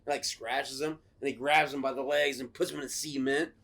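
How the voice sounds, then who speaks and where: A man co-hosting a podcast, chatting casually and excitedly about old films, swearing often and acting out scenes in quick put-on voices. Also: mid-range voice, creaky. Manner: excited, profane, acts out film scenes in voices. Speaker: podcast co-host. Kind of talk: casual chat.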